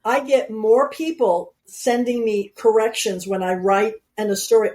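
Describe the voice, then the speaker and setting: A woman's voice: fairly high pitch, fairly even intonation, measured pace, a little mellow. Outgoing woman in her sixties telling stories. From New York. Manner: outgoing, storytelling with quoted asides. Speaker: guest author. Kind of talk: casual conversation.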